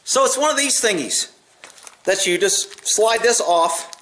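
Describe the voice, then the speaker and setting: An expressive man with a high, slightly bright voice unhurriedly opens gifts on camera at a table in his home, muttering and swearing along the way. It's casual unboxing talk for his channel, captured off-mic from a distance in a room with echo and faint noise.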